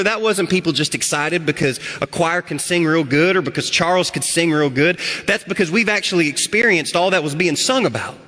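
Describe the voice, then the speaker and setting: A male pastor preaching a sermon, his voice swinging from loud to hushed. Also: sits high. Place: church sanctuary. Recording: echoey church hall.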